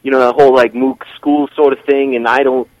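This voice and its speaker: A man's voice: mid-range voice, little pitch movement, fairly quick, darkish tone, no room sound, muffled recording. A man calls in to a radio show, his voice in the ordinary middle range for a man. He stumbles over his words, then gets indignant and argues back, all on a dry, close mic. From New York. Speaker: caller. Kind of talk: casual radio banter.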